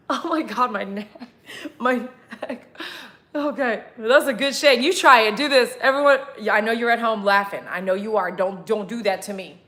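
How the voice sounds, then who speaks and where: Woman, high and bright, animated livestream storyteller who acts out every line of dialogue. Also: normal speed, pauses often. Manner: animated, laughing, acts out dialogue with big pitch jumps. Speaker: pet groomer telling a story to viewers.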